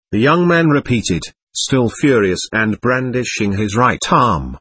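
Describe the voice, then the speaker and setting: A man narrating a classic novel in a measured, expressive reading. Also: lowish voice, husky, dry recording. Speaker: audiobook narrator.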